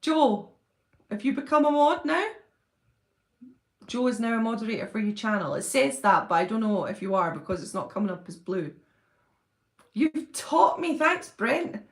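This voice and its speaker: A woman's voice: on the high side, lively intonation, normal speed, pauses often. A woman hosting a casual livestream from a room in her mother's house, reading out viewer comments and chatting back. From United Kingdom. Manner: chatty, reads viewer comments aloud and answers them. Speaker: channel host. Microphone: phone.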